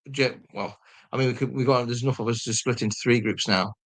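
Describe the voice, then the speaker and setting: A man's voice: mid-range voice, fairly even intonation, quick pace. A man guest in a casual live chat who organises paranormal events, explaining hesitantly and repeating words over a video call.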